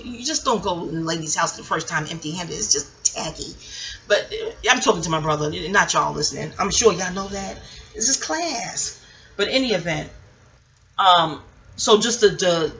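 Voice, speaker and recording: A woman's voice: fairly low pitch, a bit bright, slight background noise, low-quality recording. A woman vlogging a rambling personal monologue, chatty and digressive, often stopping to fire off pointed rhetorical questions. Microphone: audio-only home recording.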